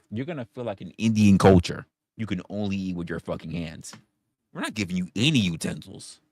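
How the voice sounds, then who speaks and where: A male streamer taunts his chat in a mock-villain act and swears freely. His voice swings widely from loud jabs to low mutters. The sound is dry and close. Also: no room sound. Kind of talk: casual stream rant, role-play banter.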